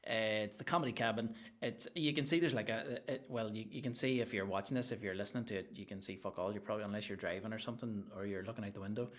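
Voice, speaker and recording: A man's voice: medium pitch, fast talker, hardly any pauses, a bit bright. A man hosting a solo comedy podcast at home, rambling and joking with lots of swearing. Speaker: podcast host. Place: home room with green screen.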